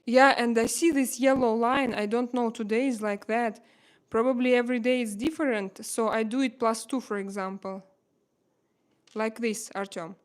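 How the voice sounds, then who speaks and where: A woman in her thirties from Russia, speaking English with a Russian accent as a livestream host, emotional and pleading, halting often to find words. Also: a little high, fairly even intonation. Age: 30s. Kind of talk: casual livestream chat.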